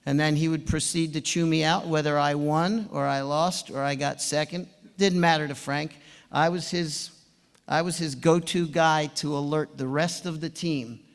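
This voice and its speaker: A man in his seventies, a swim coach, giving an anecdotal induction speech and chuckling as he tells his stories. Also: a little high. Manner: animated storyteller, chuckling. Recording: long hall reverb.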